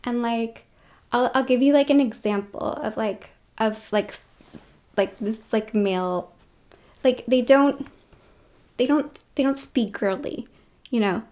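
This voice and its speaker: A woman's voice: on the high side, measured pace, pauses often, a little mellow. A woman vlogging in a casual, rambling monologue, full of filler words and with dips into whispered asides.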